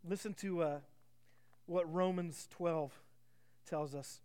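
High-voiced preaching man. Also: fairly even intonation, takes it slowly, a little mellow, clear, resonant tone. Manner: preaching with frequent rhetorical questions to the congregation; reads scripture aloud with emphasis. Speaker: pastor. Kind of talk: sermon.

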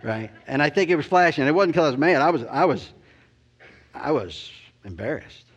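A man's voice: a little high, expressive, moderate pace, breathy edge, dull audio. A middle-aged man preaching by telling a story about himself, rambling and self-deprecating, with many "you know"s. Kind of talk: storytelling sermon.

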